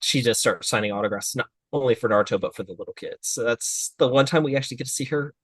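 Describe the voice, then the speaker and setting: A man's voice: mid-range voice, fast talker, husky, dry recording. A man co-hosting an anime review podcast, talking casually in a thoughtful, slightly hesitant way. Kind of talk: casual chat.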